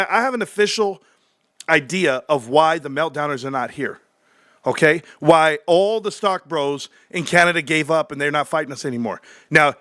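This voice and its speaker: Brash high-voiced man ranting on a livestream. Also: dry recording, studio quality. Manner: swings from low muttering to shouting excitement; profane, brash. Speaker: livestream host. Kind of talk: casual livestream rant.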